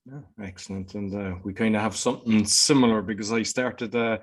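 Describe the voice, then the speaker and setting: A man hosting a podcast interview in a relaxed, chatty way and laughing easily. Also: lowish voice, a little fast. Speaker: podcast host.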